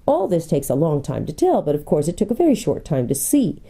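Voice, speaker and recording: A woman pastor reads a children's storybook aloud with a dark, mellow tone. Her pitch sits low but swings widely as she tells the story. The delivery is expressive and unhurried. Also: breathy edge. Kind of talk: reading a children's book aloud.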